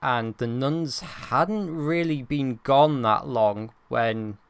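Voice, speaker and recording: A man's voice: mid-range voice, slow, smooth, no room sound. A young man, co-hosting a casual podcast chat, chatty and self-mocking. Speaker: podcast co-host.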